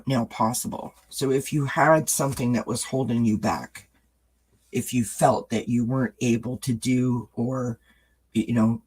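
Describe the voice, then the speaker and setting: A man's voice: mid-range voice, darkish tone, slightly rough, poor audio. A man giving a live-streamed tarot reading, reassuring his viewers and greeting the chat by name. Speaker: tarot reader.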